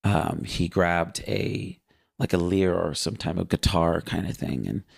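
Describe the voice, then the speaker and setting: Earnest man with a gravelly low voice. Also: steady tone, unhurried, dry recording. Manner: earnest, vivid storytelling with fillers. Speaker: guest recounting a vision. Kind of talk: casual spoken testimony.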